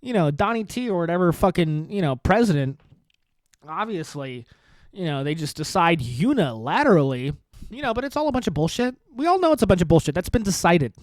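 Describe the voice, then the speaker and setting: Sarcastic, rambling man with a lively voice. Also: high voice, a little fast, no room sound. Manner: repeats himself and asks rhetorical questions. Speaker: podcast host. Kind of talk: casual political rant.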